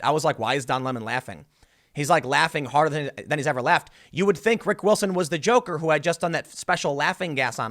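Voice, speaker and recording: Sarcastic man with a lively voice. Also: fairly high pitch. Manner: sarcastic, mocking. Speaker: political commentary host. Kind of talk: casual commentary.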